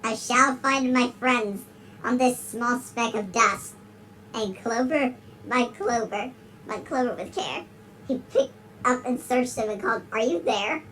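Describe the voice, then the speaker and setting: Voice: mid-range voice, measured pace, pushed and bright, a little hiss or hum, poor audio. A performer voicing a giggly big-lipped alligator who gives a dramatic rhyming storybook reading. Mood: storytelling. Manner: reads in rhyme and keeps breaking into giggles.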